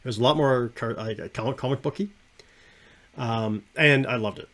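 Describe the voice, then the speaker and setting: A man's voice: mid-range voice, moderate pace. Rambling, enthusiastic male podcast host. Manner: enthusiastic, rambling, trails off quietly at phrase ends. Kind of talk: casual discussion of an animated series.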